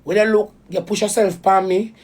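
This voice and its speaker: Here a Jamaican-accented vlogger tells viewers, in an emotional and heated rant, about a betrayal, swearing in patois along the way. Her medium-pitched voice is a little mellow, steady in tone and fairly quick.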